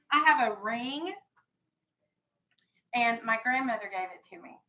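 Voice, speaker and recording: A woman's voice: fairly high pitch, takes it slowly, sharp tone, low-quality recording. A woman teaching a classroom vocabulary lesson, firm and explanatory, stressing key words.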